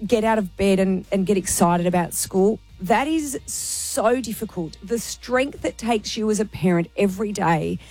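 A woman's voice: mid-range voice, a little slow, few pauses, darkish tone, no room sound, soft background music. A woman with an Australian accent hosting a radio show, making an earnest, emotional appeal to listeners. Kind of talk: talk radio chat.

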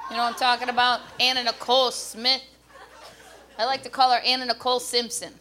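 A woman doing a stand-up comedy routine on a club stage with a handheld mic, brash and loud with punchy delivery. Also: high-pitched, slight background noise.

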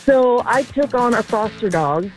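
A woman's voice: on the high side, expressive, low-quality recording. Lady caller on the radio, earnest and easygoing, faint music under. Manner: earnest, unhurried, affectionate. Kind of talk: casual call-in chat.

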